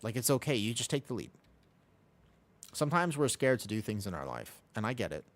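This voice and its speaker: A man's voice: mid-range voice, very animated, brisk. An American man chatting casually on a live stream while gaming, rambling along and humming to himself on a desk mic. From United States.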